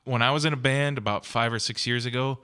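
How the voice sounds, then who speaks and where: A man's voice: medium pitch, fairly even intonation, fast, bright, forceful tone, clear, resonant tone. A man co-hosting a guitar podcast, telling a repair story in casual, explanatory chat. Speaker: podcast co-host.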